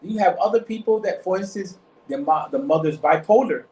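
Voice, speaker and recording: In an echoey room, picked up by a faraway mic with faint noise, a study circle leader talks with a small group about religion. His voice is high-pitched, a little mellow and fairly quick, and he rambles, repeats himself and keeps asking "you see what I'm saying?"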